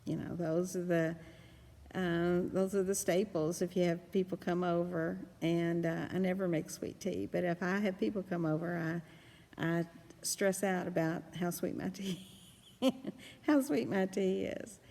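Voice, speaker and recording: A woman's voice: lowish voice, level tone, measured pace, creaky, dark tone. A middle-aged woman, rambling through a casual reflective monologue with many restarts and fillers. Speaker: blogger and podcast host. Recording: long reverb.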